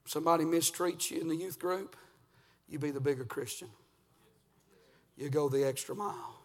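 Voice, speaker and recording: Man preaching fire and brimstone in a church, high bright voice, surges from near-whisper to full shout, long hall echo. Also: moderate pace. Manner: swings from hushed to shouted preaching. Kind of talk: fiery revival sermon. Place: church sanctuary.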